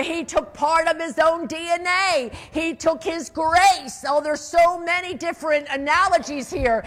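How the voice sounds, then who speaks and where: A woman preaching a sermon, calling out for amens and rising to loud, emphatic declarations. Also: sits high. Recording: long hall reverb.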